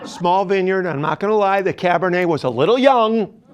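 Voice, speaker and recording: A middle-aged man doing storytelling stand-up comedy, deadpan, dropping at times to a whisper. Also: high-pitched, moderate pace, clean tone. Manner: deadpan, animated, drops to whispers.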